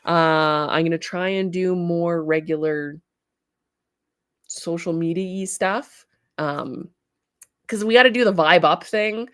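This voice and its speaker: A bubbly woman with a Canadian accent hosts a relaxed livestream, laughing easily and chatting with her viewers. Her voice sits a little low. The sound is close and dry, with no room echo. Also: slow, pauses often, smooth. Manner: bubbly, reads chat comments aloud and laughs often. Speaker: livestream host, studio owner. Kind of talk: casual livestream chat.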